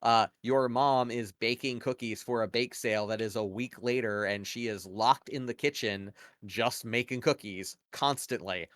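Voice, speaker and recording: A man with a mid-range, fairly bright voice and moderate pace co-hosts a podcast. His talk is rambling and opinionated conversational analysis, stuffed with "like" and "you know" as he argues his points at length.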